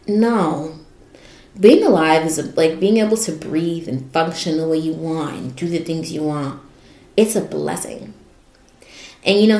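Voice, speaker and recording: Her fairly low, creaky, mellow voice echoes in a reverberant space as this young podcast host reflects on her life. The monologue is personal and emotional, with her voice wavering and cracking.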